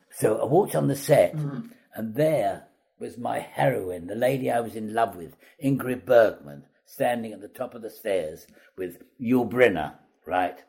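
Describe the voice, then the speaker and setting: Older man, husky storyteller. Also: lowish voice, moderate pace. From Wales. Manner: chatty, self-deprecating, lively with hesitations. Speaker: veteran actor guest. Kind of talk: anecdotal storytelling.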